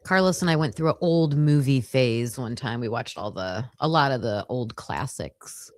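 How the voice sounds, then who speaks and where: A woman hosting a livestream, chatting casually with her viewers and telling stories in an animated way. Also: a bass voice, moderate pace, no room sound, studio quality. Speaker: livestream host covering a trial.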